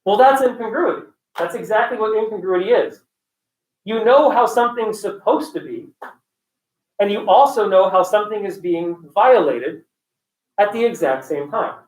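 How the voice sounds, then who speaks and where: A man teaching a class in a casual, animated way, mixing stories into the lecture. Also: sits high, moderate pace. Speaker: instructor. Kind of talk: lecture with storytelling. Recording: roomy room, far from the mic.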